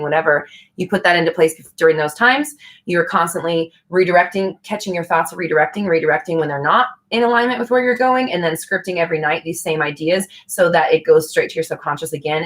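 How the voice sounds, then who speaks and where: A woman's voice: fairly low pitch, a bit bright. A young woman hosting a casual live stream, answering viewer questions in a chatty, frank way with casual swearing.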